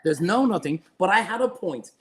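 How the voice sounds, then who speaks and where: A middle-aged Irish man, a guest chef, telling rambling, animated anecdotes in a casual interview. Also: high-pitched, moderate pace. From Ireland.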